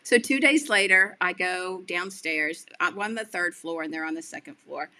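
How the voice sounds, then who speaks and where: A woman guest on a podcast interview, telling chatty stories and acting out the people she quotes with big jumps in pitch. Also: normal speed, bright, forceful tone. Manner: chatty, self-correcting, many fillers. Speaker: guest, accessibility advocate. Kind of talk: animated storytelling in a podcast interview.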